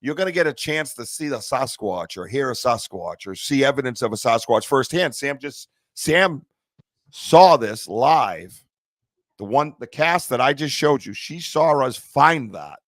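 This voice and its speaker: A man hosting a casual live stream, chatty and excitable, with loose restarts. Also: mid-range voice, a little slow, no echo. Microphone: streaming setup mic.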